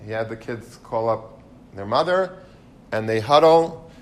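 Man, lecturer, animated storytelling, religious terms mixed in, mid-pitched voice. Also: measured pace. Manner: animated, mixes in Hebrew and Yiddish terms.

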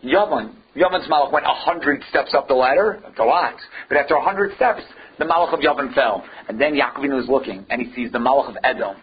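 A man's voice: medium pitch, quick pace, slightly rough, dull audio. A man teaching a Torah lecture emphatically, firing off rhetorical questions and using Hebrew and Yiddish terms.

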